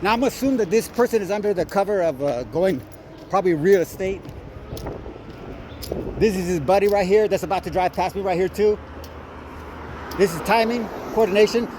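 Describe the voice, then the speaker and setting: A man who sounds exhausted records cars on his phone and reads their plates aloud slowly, swearing and picking fights in his running commentary. He has a high voice with a darkish tone, and there's slight background noise.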